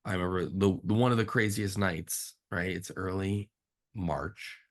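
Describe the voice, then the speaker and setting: A man, a film director, telling animated behind-the-scenes stories in a casual interview, jumping up in pitch when he acts out disbelief. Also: measured pace. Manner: animated storyteller, swings up sharply in pitch for incredulous reactions.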